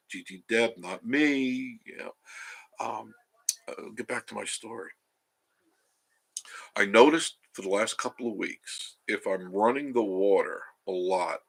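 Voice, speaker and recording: Gravelly-voiced man chatting on a live stream. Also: lowish voice, fairly bright tone. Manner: rambling, chatty, self-interrupting. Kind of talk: casual live-stream storytelling, reading chat. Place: home.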